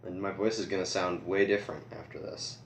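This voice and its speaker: A teenage boy rambles through a goofy show-and-tell, poking fun at himself while his voice cracks now and then. His low voice sits back from the mic in an echoey room. A faint hiss runs underneath. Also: steady tone, brisk, far from the mic. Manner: rambling, goofy, self-deprecating. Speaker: vlogger.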